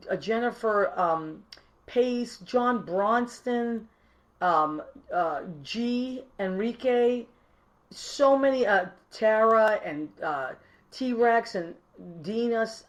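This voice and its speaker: A woman musician hosting a live online show, chatting warmly and effusively and greeting viewers by name. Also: medium pitch. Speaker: online radio show host. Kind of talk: casual live-stream chat.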